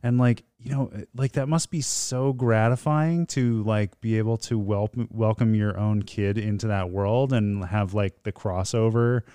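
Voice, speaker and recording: Rambling man with a smooth low voice. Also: steady tone, measured pace, few pauses, warm tone, no room sound, clean studio sound. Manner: rambling, self-mocking, many fillers. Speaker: podcast guest. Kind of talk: casual chat.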